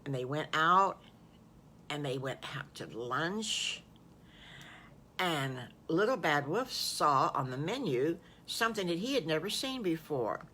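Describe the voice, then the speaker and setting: An older woman improvising a children's story in a folksy, animated way, full of exclamations. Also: low-pitched, a little slow, a little hiss or hum.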